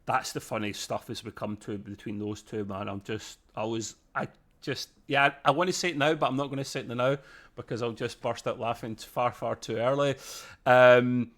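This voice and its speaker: An excitable man hosts a casual review podcast, recapping scenes with bursts of laughter. His voice sits at an ordinary middle pitch. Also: moderate pace. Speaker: podcast host. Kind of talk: casual episode review chat.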